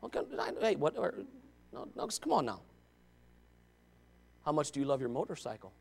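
A Baptist pastor preaching a fervent sermon, swinging between quiet asides and shouts. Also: male voice, on the high side, sing-song, normal speed, gravelly, breathy edge.

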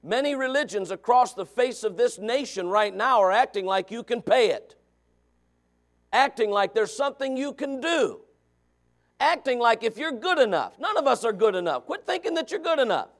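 A pastor in his thirties preaching with a high voice for a man. He talks in a chatty way, drops into quiet asides, then rises into shouted points. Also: animated, moderate pace. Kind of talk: sermon.

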